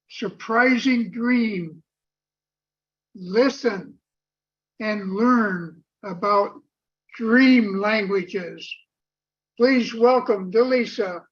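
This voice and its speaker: A club toastmaster gives a formal introduction at a very slow, measured pace. The recording sounds muffled and lo-fi. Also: medium pitch, breathy edge. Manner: slow, deliberate delivery. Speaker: meeting toastmaster introducing a speaker.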